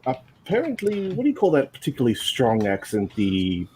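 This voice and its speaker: A man's voice: mid-range voice, wildly swooping pitch, normal speed, warm tone, slight background noise. A man chatting casually in a group talk, playful and groping for words.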